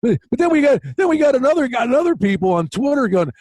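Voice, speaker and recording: A man co-hosting a sports betting podcast in casual chat, an excitable storyteller. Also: very high-pitched, quick pace, hardly any pauses, no echo. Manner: excitable storyteller, animated retellings. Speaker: podcast co-host.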